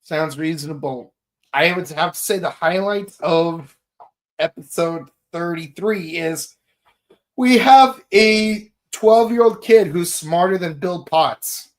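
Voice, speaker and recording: Male podcast co-host, unhurried, rambling, jokey. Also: a little high. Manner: rambling, joking, many restarts and fillers. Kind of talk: casual podcast chat.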